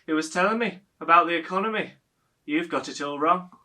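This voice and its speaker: A giddy, stubborn mum in her seventies, put on by a young man in a filmed stage monologue. Her voice sits fairly high and bright, fluttering up when she insists. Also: fairly quick. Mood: defiant. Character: chatty 72-year-old mother, giddy and stubborn.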